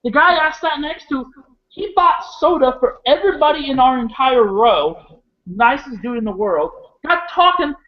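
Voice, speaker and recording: A man's voice: very high voice, moderate pace, dull audio. A man from Iowa co-hosting a casual wrestling chat, rambling and swearing freely as he goes off topic. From Iowa, USA. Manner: rambling, profane, excitable. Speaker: wrestling show co-host.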